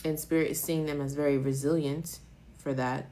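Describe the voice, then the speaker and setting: A woman's voice: low voice, fairly even intonation, normal speed, warm tone, a little hiss or hum. A woman giving a live-stream tarot reading, talking emotionally and rambling, with casual swearing. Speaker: tarot reader.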